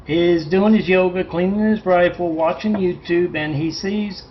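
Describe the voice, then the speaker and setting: A man's voice: sits high, fairly even intonation, unhurried, highs cut off, slight background noise. A man telling a meandering, conspiratorial monologue as a vlogger, with many fillers and restarts. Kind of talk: rambling monologue.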